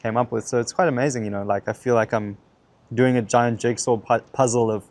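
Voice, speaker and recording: A man interviewing a guest in a relaxed, reflective and encouraging way. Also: medium pitch, brisk. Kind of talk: casual interview.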